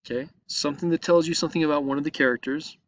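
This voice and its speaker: A man's voice: a little high, steady tone, racing, no echo. Patient male teacher talking through his screen. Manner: patient, explaining step by step with frequent "okay?". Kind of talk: recorded online lesson walkthrough. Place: at a computer, screen recording.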